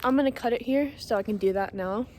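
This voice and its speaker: A woman's voice: a little high, fast, a little hiss or hum. A young woman chatting casually and a little emotionally in a vlog, walking outdoors by a pond, a bit out of breath from the cold. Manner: soft-spoken, emotional, laughs often. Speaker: vlogger.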